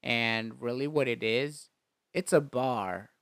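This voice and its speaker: A man's voice: medium pitch, slow, a bit bright, clean tone, no echo. A man in casual chat, animatedly retelling a film scene by scene, often laughing and acting out the characters' lines. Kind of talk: casual chat recapping a movie.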